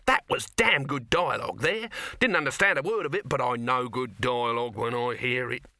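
A man doing a brash excitable producer. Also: mid-range voice, normal speed, creaky, dry recording, clean studio sound. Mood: excited. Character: pushy excitable male film producer.

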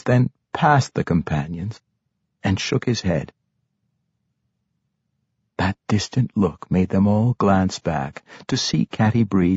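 Male fantasy narrator, husky and animated, dry, slightly dull recording. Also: fairly low pitch, no echo. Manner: expressive, animated delivery. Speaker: audiobook narrator. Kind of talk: dramatic fantasy audiobook narration.

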